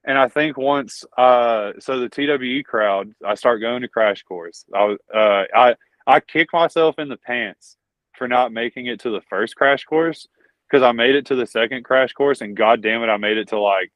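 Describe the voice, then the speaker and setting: A man's voice: mid-range voice, moderate pace, no echo. A man with a Southern accent, a pro wrestler talking in a casual interview, rambling and swearing often. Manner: profane, rambling, says "dude" and "bro". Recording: dull lo-fi dry audio.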